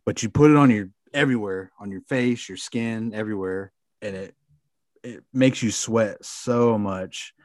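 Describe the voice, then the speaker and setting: A man's voice: lowish voice, unhurried, no echo, clean studio sound. A man talking as a podcast guest, telling a rambling story full of fillers and the odd swear word. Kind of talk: casual storytelling.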